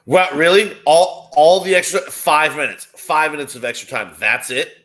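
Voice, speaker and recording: A man's voice: on the high side, moderate pace. A man, a guest on a sports watchalong, chatting casually and swearing freely as he reacts to the game. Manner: animated, profane, exclaims at the action.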